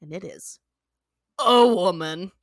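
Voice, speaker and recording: A woman's voice: fairly low pitch, slow, no echo, studio quality. A young adult woman co-hosting a podcast, casually recapping a cartoon episode, laughing often and acting out the characters' lines. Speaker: podcast co-host.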